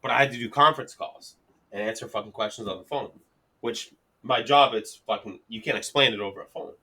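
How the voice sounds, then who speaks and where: A man with a bright, forceful voice, chatting casually as a podcast host. He tells animated, profane stories and swears freely. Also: on the low side, brisk, slightly rough. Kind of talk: casual chat.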